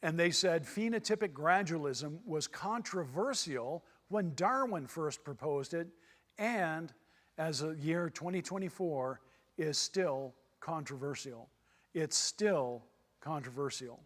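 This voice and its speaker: A man's voice: fairly high pitch, animated, takes it slowly, a bit bright. A man from Texas giving a church seminar lecture in a folksy way, repeating his points for emphasis. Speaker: seminar speaker. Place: church hall. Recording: long hall reverb.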